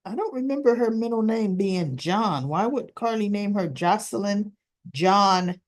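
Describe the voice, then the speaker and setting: A woman's voice: medium pitch, animated, a little slow. A woman casually recapping a soap opera episode, retelling the scenes line by line with lots of "she goes" and "right?".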